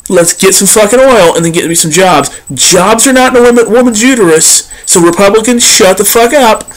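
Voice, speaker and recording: A man ranting bluntly and profanely as a vlogger. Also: high-pitched. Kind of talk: ranting commentary.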